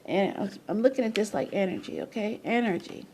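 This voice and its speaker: A woman talking casually to her camera, rambling, repeating words and breaking into loud laughing asides. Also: mid-range voice, expressive, brisk, slight background noise. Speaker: video presenter. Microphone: camera mic.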